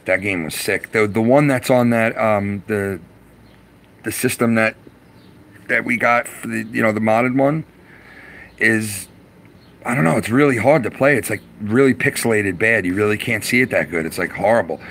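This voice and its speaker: A man chatting loosely with viewers on a live stream from his garage, excitable and profane, laughing often and stumbling over words. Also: lowish voice, normal speed. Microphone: phone.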